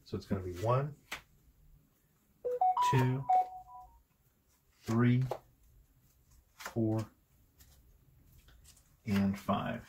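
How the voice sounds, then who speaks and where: A man's voice: fairly low pitch, extremely slow, pauses often, noisy background. A man giving a casual, rambling tarot card reading, full of hesitations and fillers as he talks through each card. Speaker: tarot reader.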